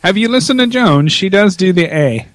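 A man with a slight Southern accent in a casual comedic podcast chat, teasing and quick to laugh. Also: sits high, dry recording. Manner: laughs a lot, teasing, lively.

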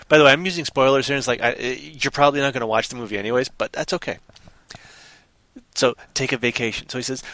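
A man chatting on a podcast, animatedly retelling movie scenes and slipping into quick voices for the characters. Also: mid-range voice, pushed and bright, dry recording. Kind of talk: casual chat.

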